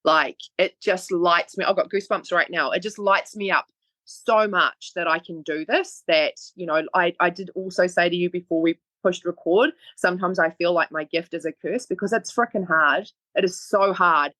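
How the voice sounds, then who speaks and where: Kiwi lady fitness coach, chatty and earnest, lower voice, dry recording. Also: bright, forceful tone, no room sound. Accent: New Zealand. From New Zealand. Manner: chatty and earnest, talks fast in bursts. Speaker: guest, online fitness coach. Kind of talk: casual podcast conversation.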